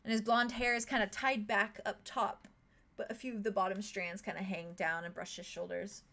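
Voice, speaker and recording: A woman narrating a fantasy tabletop game as game master. Her delivery is casual and loose, full of fillers and small chuckles. Her voice sits at an ordinary middle pitch. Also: steady tone, normal speed, gravelly, bright, forceful tone. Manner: casual, many fillers, chuckles between lines.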